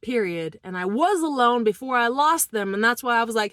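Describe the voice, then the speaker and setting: A distressed woman vlogger talking through a personal monologue in a halting, emotional way, moving between quiet murmurs and shaky laughter. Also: on the high side, lively intonation, no room sound.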